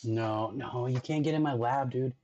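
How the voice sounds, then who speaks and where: On a casual reaction stream, a man talks at normal speed in a mid-range, slightly mellow voice, and the audio is dull. He's chatty and slangy, leaning on "like" and "dude" constantly while talking playfully to his dog.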